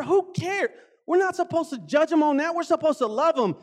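A man preaching a conversational sermon, animated, stretching key words for emphasis and often turning to the audience with asides. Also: very high-pitched, normal speed.

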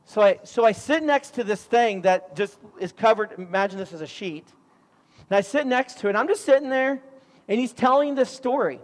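A middle-aged man preaching a sermon, telling stories in an animated way with sudden loud outbursts. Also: sits high, moderate pace. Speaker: pastor. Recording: long hall reverb.

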